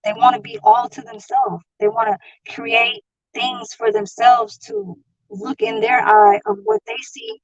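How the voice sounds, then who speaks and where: A woman's voice: fairly high pitch, animated, unhurried, creaky, lo-fi sound. A woman venting in a rambling, profane monologue, heated and repetitive.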